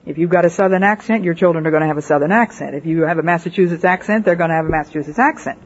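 A woman's voice: fairly low pitch, very fast, slightly rough, muffled recording. An older woman, a missionary, giving a personal testimony sermon and telling stories with rhetorical questions to her listeners. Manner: storytelling with rhetorical questions to the audience. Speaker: missionary speaker.

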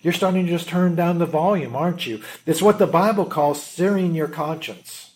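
A man's voice: on the high side, moderate pace, darkish tone. A man preaching a sermon, earnest, often asking rhetorical questions of the congregation. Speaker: pastor.

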